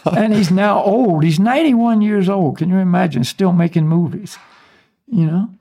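A man from the United States, a spiritual teacher, explaining ideas in a relaxed, casual conversational way with small chuckles. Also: high-pitched, normal speed, vocal fry, breathy edge.

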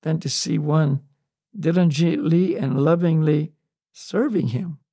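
Guy on a faith podcast, slow and searching, lots of you knows, voice kinda high. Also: dark tone, no echo, studio quality. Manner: slow, searching, many "you know" and restarts. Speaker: podcast co-host on spiritual topics. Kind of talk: unscripted spiritual discussion.

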